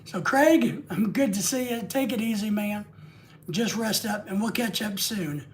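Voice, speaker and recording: A man's voice: high-pitched, a little slow, a little hiss or hum. A man hosting a live stream, rambling and joking casually with crude asides.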